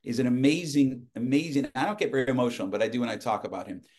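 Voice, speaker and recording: A man guest on a podcast, telling lively anecdotes in casual conversation, often restarting his sentences. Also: medium pitch, racing. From United States. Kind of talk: casual storytelling.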